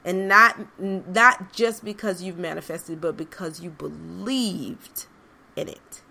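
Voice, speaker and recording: A woman's voice: lowish voice, takes it slowly, vocal fry, sharp tone, husky. A woman hosting a podcast, speaking in an earnest, conversational way straight to her listeners. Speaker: podcast host. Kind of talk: reflective motivational monologue.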